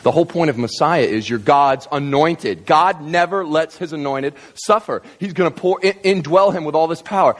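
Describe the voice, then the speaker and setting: A man preaching a sermon as a pastor, telling the story in an animated, jokey way. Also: a little high, moderate pace, few pauses, in a large hall.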